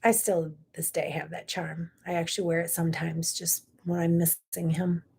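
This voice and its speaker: A woman's voice: fairly low pitch, little pitch movement, normal speed, creaky, darkish tone, breathy edge. A middle-aged woman hosting a talk show, telling a personal story in an earnest, emotional way with many asides. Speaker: host.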